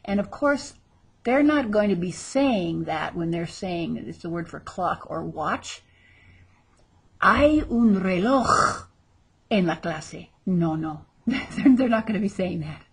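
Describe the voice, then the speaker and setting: A woman's voice: on the low side, animated, measured pace, vocal fry, darkish tone, slightly rough. A woman teaching vocabulary in a recorded lesson, repeating each word with exaggerated pronunciation and adding chatty asides. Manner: chatty asides between drills. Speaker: Spanish teacher.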